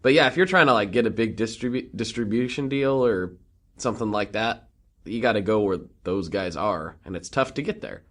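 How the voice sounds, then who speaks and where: A man's voice: on the low side, animated, a bit bright. Chatty joking man co-hosting a podcast. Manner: chatty, joking, quick to laugh. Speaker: podcast co-host. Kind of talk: casual chat.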